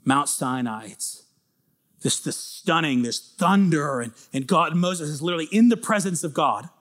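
A man preaching a sermon, retelling scripture as animated, dramatic storytelling that climbs toward near-shouting. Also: a little high, moderate pace.

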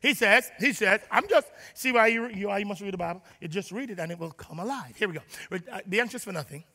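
A man preaching in a high, piercing, sharply bright voice. He acts out his listeners' prayers and swings from shouted declarations to hushed asides. The sermon rings with long reverb from a large hall. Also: fast talker. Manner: shifts between loud declarations and near-whispers. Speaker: pastor.

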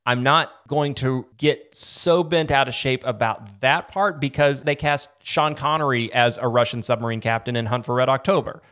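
A man hosts a podcast in relaxed conversation, his voice sitting at an ordinary middle pitch. He talks with animated, joking emphasis while discussing a film with his co-host. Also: moderate pace, few pauses. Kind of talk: casual podcast chat.

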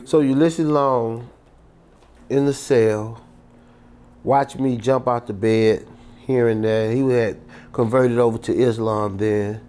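A man, a guest telling humorous stories in an interview, animated and laughing, full of slang. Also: medium pitch, takes it slowly, long pauses, smooth.

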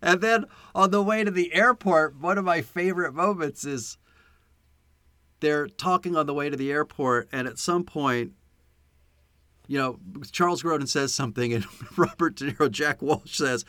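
A man co-hosting a podcast in casual chat, animated and laughing often as he acts out movie lines. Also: on the high side, moderate pace, no echo. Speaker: podcast co-host. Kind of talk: casual chat about a film.

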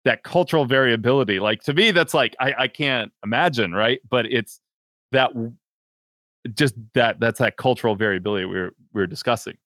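A man's voice: mid-range voice, a little fast, fairly bright tone, dry recording, clean studio sound. A man hosting an interview, talking casually with lots of fillers and restarts. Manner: rambling, many fillers and restarts. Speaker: podcast host.

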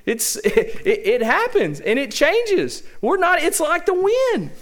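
A man's voice: very high-pitched, huge pitch swings, slow pace, fairly bright tone. A man preaching a sermon to his church as senior pastor, with a Southern American accent and an emphatic style built on rhetorical questions. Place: church sanctuary.

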